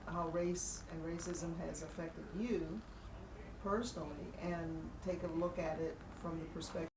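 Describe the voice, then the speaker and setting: A woman interviewer poses measured, careful questions in a slightly low voice. She sits away from the mic, and the room adds echo and steady background noise. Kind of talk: oral history interview questions. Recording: roomy and distant, noisy background.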